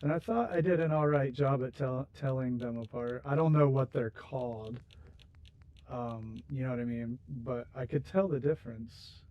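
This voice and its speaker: A man's voice: medium pitch, moderate pace, highs cut off. A man hosting a game livestream, chatting casually and rambling with viewers while he builds, laughing easily. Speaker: livestream host.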